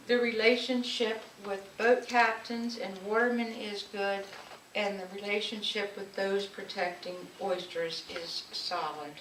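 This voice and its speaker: A woman speaking at a community event, telling fond personal stories in the manner of a public speech. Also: medium pitch. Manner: fond, storytelling, warm recollection. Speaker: local speaker at an anniversary event. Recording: echoey room, distant mic, faint noise.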